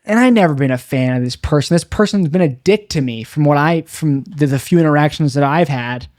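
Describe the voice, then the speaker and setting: A man's voice: fairly high pitch, fairly quick, darkish tone, no room sound, clean studio sound. A young man doing a confessional stand-up monologue, rambling and bitter, mocking himself with frequent restarts. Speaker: stand-up comedian.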